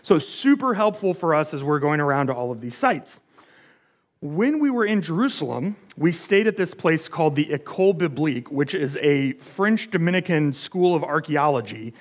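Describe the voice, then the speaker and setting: American man, pastor, casual sermon, storytelling, fillers, fairly high voice. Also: lively intonation, moderate pace. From United States. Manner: chatty, self-deprecating storyteller with frequent fillers.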